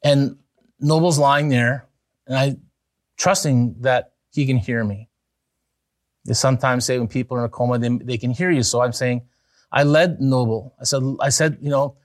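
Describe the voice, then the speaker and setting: A man preaching an evangelistic sermon as pastor, telling a story in an earnest way that rises to excited emphasis. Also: medium pitch, moderate pace, dry recording, studio quality.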